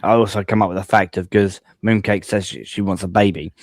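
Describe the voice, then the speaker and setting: A man's voice: sits low, fairly even intonation, brisk, no echo. Man cracking crude jokes. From United Kingdom. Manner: blunt, crude joking. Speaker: chat guest. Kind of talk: casual live chat.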